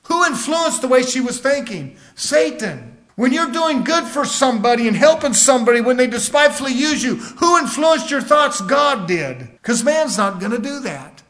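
High-voiced folksy preacher. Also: male voice, sing-song, normal speed, few pauses, a bit bright. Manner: folksy storytelling, acting out quoted people. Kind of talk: sermon.

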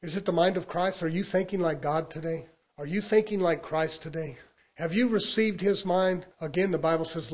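A man delivers a sermon. He talks in plain, folksy phrases and keeps swinging between hushed, near-mumbled asides and loud, pressing declarations. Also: a little high. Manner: swings from quiet to loud preaching. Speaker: preacher.

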